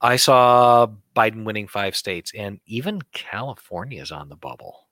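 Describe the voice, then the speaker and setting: Blunt, heated male co-host, forceful tone, lowish voice, dry studio sound. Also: animated, normal speed, no room sound. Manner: blunt, fired-up ranting. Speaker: talk show co-host. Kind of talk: heated political chat.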